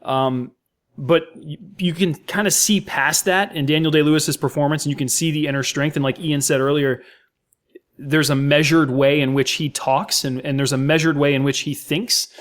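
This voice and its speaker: An American man, a podcast co-host, talking about a film with enthusiastic, effusive praise and many fillers. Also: fairly high pitch. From United States. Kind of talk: casual film discussion.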